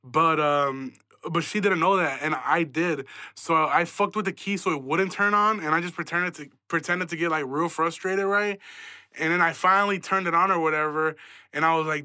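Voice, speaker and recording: A man's voice: a little high, moderate pace, sharp tone, no echo, studio quality. A young man hosting a podcast, telling stories in a profane, self-mocking, casual way and laughing often. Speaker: podcast host. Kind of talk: casual storytelling.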